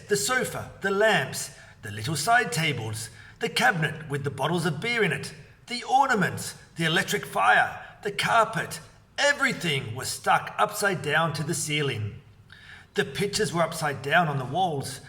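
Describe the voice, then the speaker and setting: Expressive male storybook reader. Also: a little high, far from the mic. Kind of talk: reading a children's book aloud.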